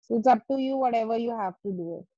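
A woman teacher with a highish voice talks fast on a video call, firmly restating and rewording her instructions so the class gets it. The call audio is muffled and lo-fi, with no echo.

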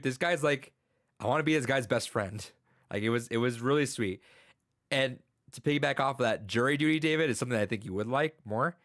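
Animated man spinning a rambling story. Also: medium pitch, no echo, clean studio sound. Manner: animated storyteller, loose and rambling with many restarts. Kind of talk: casual chat, retelling a story.

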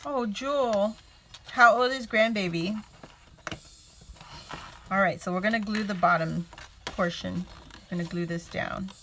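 A woman chats her way through a home crafting livestream at an unhurried, easy pace. She laughs often and greets each viewer by name as she works. Her voice sits at an ordinary middle pitch for a woman. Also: a bit bright, slight background noise. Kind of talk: casual livestream chat while crafting.

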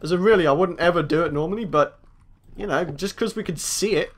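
A man's voice: a little high, brisk, a little hiss or hum. A young man, a gaming host, chatting to himself through a let's play and taunting the monsters he meets. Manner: chatty self-talk, taunts game mobs.

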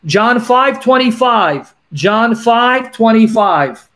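A man hosting a call-in show, emphatically explaining scripture, repeating references and reading verses slowly. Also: very high voice, animated, fairly bright tone.

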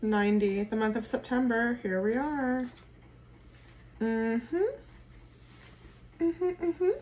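Excitable woman giving a tarot reading. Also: on the high side, slow pace. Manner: excitable, swears freely, laughs often. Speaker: tarot reader. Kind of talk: casual tarot reading monologue.

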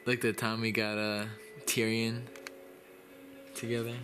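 A man's voice: on the low side, completely flat delivery, a little slow, music in the background. A young man in casual, joking chat among friends. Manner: joking, teasing.

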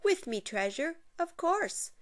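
A woman's voice: very high-pitched, very animated, takes it slowly, voice pushed up, exaggerated voice. A woman voicing a tiny, mischievous male leprechaun who bargains slyly and uses old-fashioned turns of phrase. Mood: bargaining.

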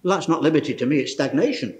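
A man's voice: fairly high pitch, expressive, rapid-fire, darkish tone, a little hiss or hum. An older man preaching an informal sermon to a church meeting, folksy and exclamatory, often chuckling as he talks.

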